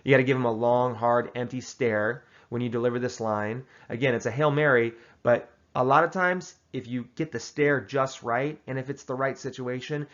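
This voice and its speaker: Deadpan man giving mock advice. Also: medium pitch, normal speed, hardly any pauses, muffled recording. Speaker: host giving tongue-in-cheek advice. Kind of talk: casual comedic advice monologue.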